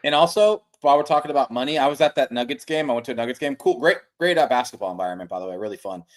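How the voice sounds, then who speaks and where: Fast-talking, worked-up podcast co-host man. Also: medium pitch. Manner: fast, worked-up, profane storyteller. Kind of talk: casual sports chat.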